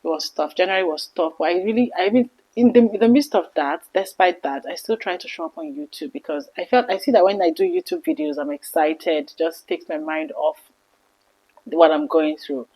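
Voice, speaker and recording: A woman in her thirties telling a personal story to camera in an earnest, emotional vlog, her voice often dropping soft. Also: on the low side, brisk, low-quality recording. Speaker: vlogger.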